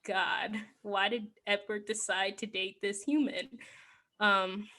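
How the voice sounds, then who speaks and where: Bright chatty woman recapping a movie on a podcast, lots of giggles and likes. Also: mid-range voice. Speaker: podcast host. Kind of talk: casual movie plot recap.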